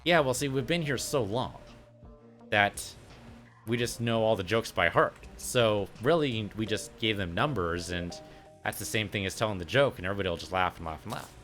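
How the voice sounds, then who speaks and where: Man doing a worn-down longtime inmate, low voice, patient explainer. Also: lively intonation, moderate pace, a bit bright, soft background music. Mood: explaining. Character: weary longtime male prison inmate.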